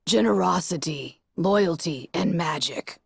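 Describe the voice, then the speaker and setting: Robot orb voice, calm and lecturing, lower and slower than the reader, as a woman narrator puts it on; dry, close sound. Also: creaky, slightly rough, no room sound, exaggerated voice. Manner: calm, lecturing, slightly hesitant. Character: disembodied voice speaking through a flying robot orb.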